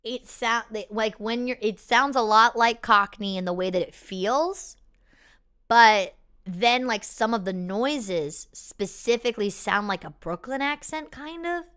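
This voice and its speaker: Woman rambling thru viewer q&a, lots of likes and ums, bright clear voice. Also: on the high side, unhurried. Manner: rambling, restarts often, lots of fillers; laughs easily. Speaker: performer hosting a live Q&A. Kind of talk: casual chat answering viewer questions.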